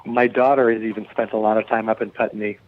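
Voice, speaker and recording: A man's voice: lowish voice, flat delivery, quick pace. Chatty man on a tinny phone line. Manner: chatty, joking. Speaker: guest musician. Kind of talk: casual radio interview.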